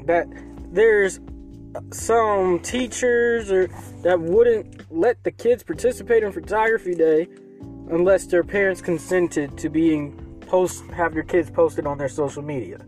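A man's voice: high-pitched, unhurried, a little mellow, faint music behind. A man co-hosting a podcast, easygoing and agreeable as he keeps the show moving. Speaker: podcast co-host. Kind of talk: casual podcast banter.

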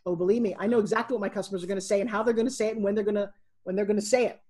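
A middle-aged woman, a guest on a podcast, telling stories in an animated way and acting out what people said. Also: medium pitch, racing. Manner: animated storyteller, acting out quotes. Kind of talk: casual interview.

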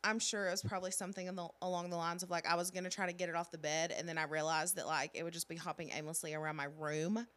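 A young woman co-hosting a podcast, telling stories in casual chat with lots of "like" and excited bursts. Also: on the low side, rapid-fire, few pauses. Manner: animated storyteller, lots of "like". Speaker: podcast co-host.

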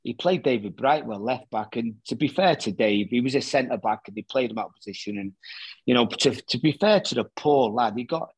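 A middle-aged former footballer tells stories as a guest on a chat show, acting out what others said. His voice is husky and sits at an ordinary male pitch. The recording is dry and close. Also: brisk, dry recording. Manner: animated anecdote-teller who acts out quoted dialogue. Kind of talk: casual storytelling chat.

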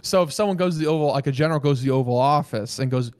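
A man's voice: fairly high pitch, rapid-fire, darkish tone, no room sound, clean studio sound. A man in his twenties co-hosting a comedy podcast, talking defensively and rambling, with lots of repeats. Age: 20s. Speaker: podcast co-host. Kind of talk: casual comedy podcast banter.

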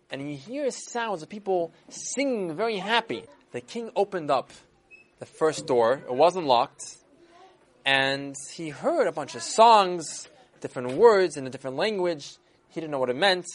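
Animated children's storyteller. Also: medium pitch. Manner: animated, asks listeners questions.

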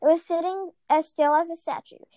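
A woman reads a storybook aloud, now and then tripping over words and fixing them. Her voice is high. The sound is dry. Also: fairly even intonation, brisk, mellow, dry recording. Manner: stumbling, self-correcting. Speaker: reader.

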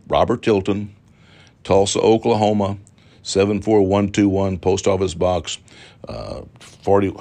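A man's voice: deep voice, a little mellow. A middle-aged man preaching a televised sermon as a televangelist, fervent and repetitive, drawing out emphatic phrases and appealing for donations. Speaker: televangelist pastor.

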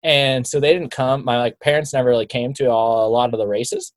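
A man's voice: medium pitch, fairly even intonation, brisk, dry recording. A young man chatting casually as a guest, rambling with lots of filler words. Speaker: guest, bike racer. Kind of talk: casual chat.

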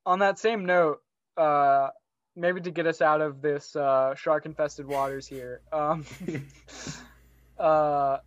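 A man's voice: on the high side, steady tone, takes it slowly, long pauses, dull audio. A young man co-hosting a podcast, talking in a rambling, reflective way and laughing often in casual chat. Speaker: podcast co-host.

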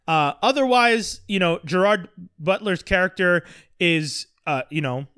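A man co-hosting a casual movie chat, rambling and animated, often slipping into mock voices. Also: sits high, unhurried, clear, resonant tone, no echo, studio quality.

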